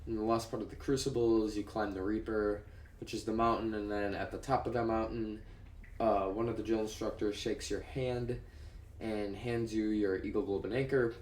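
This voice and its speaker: A young man reacts in casual, rambling commentary, swearing easily as he explains things. His voice sits fairly low, and the room around him is noticeably echoey. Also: darkish tone. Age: young adult. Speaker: newly graduated Marine reacting to clips.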